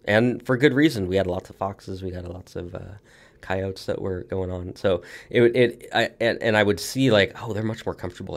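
A man's voice: on the low side, a little mellow. A man with an American accent, a farmer guest talking casually on a podcast, rambling with many restarts and fillers.

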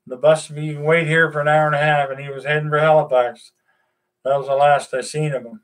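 An older man, casually chatting to his viewers in a rambling, folksy way with lots of pauses. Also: fairly high pitch, little pitch movement. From Nova Scotia, Canada. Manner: rambling, folksy, many "uh"s and restarts. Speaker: vlogger. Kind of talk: casual chat to camera.

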